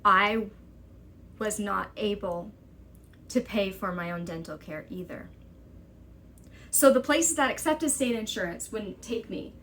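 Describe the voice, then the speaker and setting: A young woman with a medium-pitched, animated, slightly bright voice tells a personal story to camera over slight background noise. She sounds urgent and exasperated, quickly quoting what others said.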